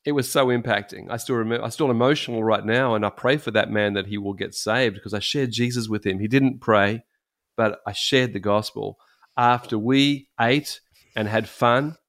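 A middle-aged man, a pastor, telling stories in casual chat, animated and laughing often. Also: medium pitch.

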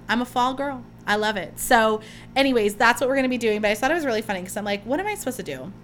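A woman's voice: on the high side, fast talker, fairly bright tone, a little hiss or hum. Gushing young woman podcast host. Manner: gushing, chatty, rambling with many "like"s. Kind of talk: casual solo chat.

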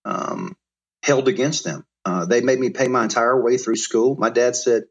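A middle-aged man from Alabama, telling life stories as an interview guest in an animated way with frequent restarts. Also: medium pitch, moderate pace, gravelly. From Mobile, Alabama. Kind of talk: storytelling interview.

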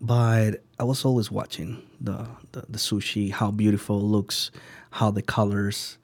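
Guy, sushi chef, low warm voice, stops n restarts a lot, does little voices for people in his story. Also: level tone, dry recording. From Venezuela. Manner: halting, searching for words; acts out the people he quotes. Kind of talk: casual storytelling interview.

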